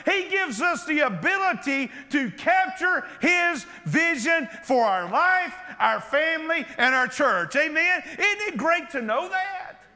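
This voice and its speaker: A man preaching an impassioned sermon, acting out Bible characters and often breaking into shouts. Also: extremely high pitch, lively intonation, takes it slowly, hardly any pauses. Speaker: pastor. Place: church sanctuary. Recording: long hall reverb.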